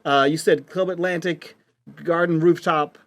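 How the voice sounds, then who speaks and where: A man's voice: on the high side, steady tone, measured pace, no echo. A man playing his character in a tabletop role-play, joking and rambling with many restarts. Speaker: player.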